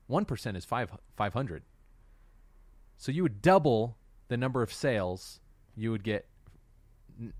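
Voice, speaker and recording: A man's voice: mid-range voice, no room sound. A man hosting a casual chat, putting questions to his co-hosts and laughing often. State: out of breath.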